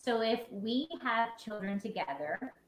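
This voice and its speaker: A woman therapist calmly explaining relationship boundaries in a conversation, often checking that she is understood. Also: a little high, measured pace. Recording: echoey room with faint noise.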